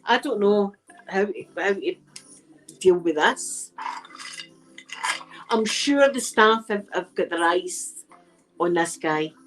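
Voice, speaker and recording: A middle-aged woman with a Scottish accent, telling rambling stories in a soft-spoken ASMR chat, using local words like aye and wee. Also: medium pitch, lively intonation, takes it slowly, long pauses, over music, low-quality recording. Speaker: ASMR channel host.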